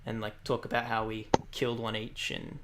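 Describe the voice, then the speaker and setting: A man's voice: fairly low pitch, monotone, normal speed, heavy background noise. A man playing a bard in a tabletop role-playing game, describing his actions in an easygoing, loose way. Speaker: player. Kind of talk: casual tabletop play.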